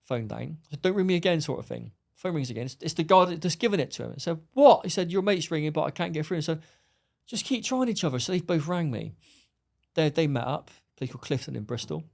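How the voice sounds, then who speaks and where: Gravelly-voiced middle-aged man, quick and blunt, a guest spinning a story. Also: fairly high pitch, animated. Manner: blunt, swearing, acts out dialogue. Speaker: podcast guest. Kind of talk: storytelling interview.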